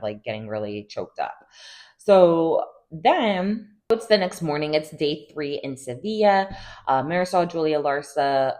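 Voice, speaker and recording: A woman with a notably low, deep voice runs through a reality TV recap in a loose, gossipy way. She leans on "like" constantly and drifts into asides while she tells it. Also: a little mellow. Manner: chatty and gossipy, heavy use of "like", laughs often. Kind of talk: casual TV recap chat.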